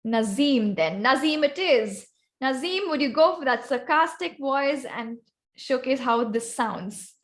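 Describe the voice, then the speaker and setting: She sounds high and animated but never rushed, speaking with an Indian accent. In this online club workshop presentation, the guest speaker teaches vocal variety and calls on volunteers by their names.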